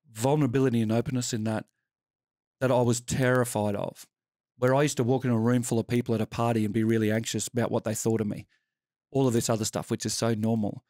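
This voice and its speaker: A middle-aged Australian man, a podcast guest, telling his story in a candid, sweary and animated way. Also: mid-range voice, fast, no echo, clean studio sound. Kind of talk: casual interview storytelling.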